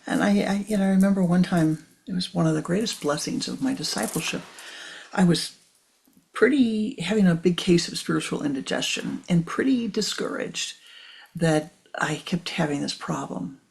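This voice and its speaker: Older female spiritual teacher; low, gravelly, soft-spoken voice that drops to near whispers and repeats for emphasis. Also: animated, moderate pace.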